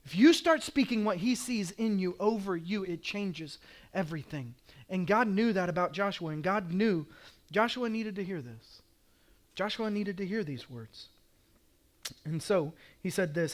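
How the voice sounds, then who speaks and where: High-voiced man preaching with passion. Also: lively intonation, normal speed. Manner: passionate, emphatic preaching with repeated declarations. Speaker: pastor. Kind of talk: sermon.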